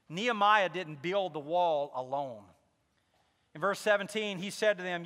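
Bright-voiced pastor preaching in a hall. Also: male voice, sits high. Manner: storytelling with candid asides, building to fervent emphasis. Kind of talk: sermon.

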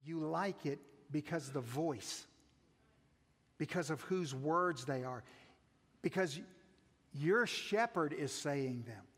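A man, a pastor, preaching a sermon, putting many questions to his listeners and moving between raised emphasis and soft asides. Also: a little high, lively intonation, slow pace, long pauses, slightly rough. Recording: long reverb of a large hall.

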